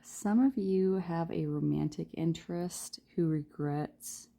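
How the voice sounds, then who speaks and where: A woman giving a casual pick-a-card tarot reading, chatty and rambling, trailing off with fillers and soft laughs, sometimes talking quietly. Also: on the low side, takes it slowly, creaky. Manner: speaks softly and quietly at times. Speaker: tarot reader.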